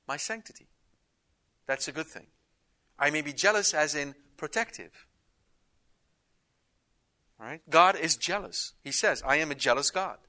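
Guy teaching a bible study, kinda high voice, punchy and emphatic. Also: bright, forceful tone. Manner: emphatic, reads scripture aloud with rising intensity.

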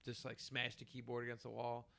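A man in casual chat, telling profane, animated workplace stories and acting out quotes. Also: mid-range voice, brisk, vocal fry. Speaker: storyteller among coworkers. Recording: noisy background.

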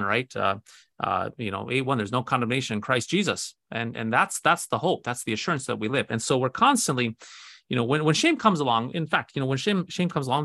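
Gravelly-voiced pastor telling stories. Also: male voice, mid-range voice, no echo, clean studio sound. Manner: animated storytelling with many restarts. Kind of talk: conversational teaching on faith.

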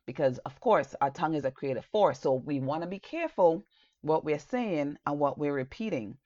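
A woman's voice: low voice, lively intonation, normal speed, warm tone, no echo, dull audio. A woman giving an earnest, encouraging sermon in a loose conversational way, with many fillers. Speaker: preacher.

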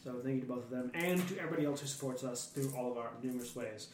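A man hosting a tabletop game podcast, upbeat and quick, restarting his sentences now and then. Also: mid-range voice. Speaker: podcast host and player. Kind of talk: casual tabletop podcast intro. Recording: echoey room, distant mic, faint hiss.

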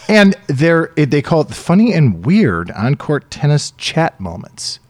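Man, podcast host, casual chat, dry close sound, lively pitch. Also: takes it slowly, no room sound. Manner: chatty, reads quotes aloud, playful asides.

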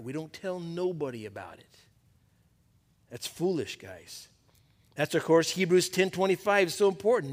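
Preaching to a men's Bible study, a pastor with a voice that sits high speaks conversationally and emphatically, his tone falling to a hush at moments.

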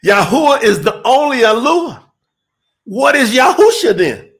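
Slow, animated, high-voiced preacher man. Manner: emphatic, call-and-response preaching to online listeners. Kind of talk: live-streamed sermon.

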